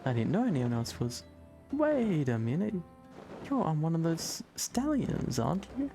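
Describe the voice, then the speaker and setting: A man's voice: on the high side, wildly swooping pitch, measured pace, mellow, pitched above the performer's own voice, exaggerated voice. A man voicing a cheeky, curious young child in a raised voice, teasing and asking questions over faint music.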